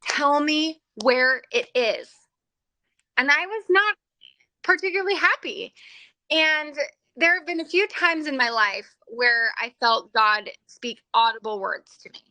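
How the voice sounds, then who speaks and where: A middle-aged woman teaches a faith-based class, talking openly and with animation about her own spiritual life. Her voice is high and bright, and the recording is dry and close. She laughs at herself often as she goes. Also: unhurried, no echo, low-quality recording.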